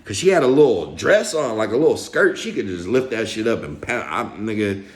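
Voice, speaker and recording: Animated man telling a slangy story. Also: fairly low pitch, a little fast, roomy sound. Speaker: storyteller vlogger. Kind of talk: casual storytelling.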